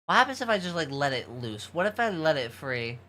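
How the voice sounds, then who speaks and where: A man with a soft, feminine-sounding voice and a New York accent, telling rambling, profane stories to his livestream chat. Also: on the high side, big pitch swings, fairly quick. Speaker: VTuber streamer.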